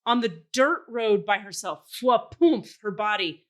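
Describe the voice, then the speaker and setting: A woman on a podcast launches into a long story in relaxed chat. She gets animated, swears freely and acts out the voices of the people in it. Her voice sits at an ordinary middle pitch. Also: unhurried. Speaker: podcast host.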